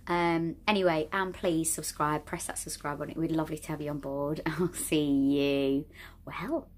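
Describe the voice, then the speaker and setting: A woman's voice: low-pitched, flat delivery, fairly quick. Chatty woman vlogger. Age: middle-aged. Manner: chatty and rambling, laughs often. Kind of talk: casual chat to camera. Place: indoors at a relative's home.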